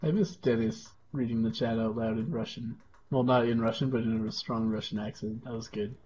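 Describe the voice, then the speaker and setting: A man co-hosting a game stream, quietly reading chat aloud in a laid-back way. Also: mid-range voice, fairly even intonation, a little fast, lo-fi sound, slight background noise.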